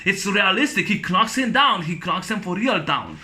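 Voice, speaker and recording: Guy gushing over a movie he loves, higher bright voice, lots of um and you know. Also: expressive, normal speed. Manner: rambling and enthusiastic, many fillers and restarts. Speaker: movie reviewer. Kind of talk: casual spoken film review.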